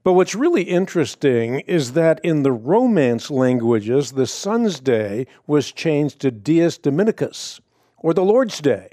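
A middle-aged man hosting a radio Bible question program, explaining an answer in a measured way with pauses. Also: fairly high pitch, sing-song, mellow, no room sound, studio quality.

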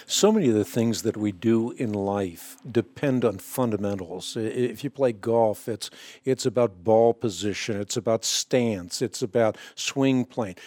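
A man's voice: lowish voice, measured pace, warm tone, no room sound. A man hosting a Christian radio talk show who makes his points emphatically, like a teacher.

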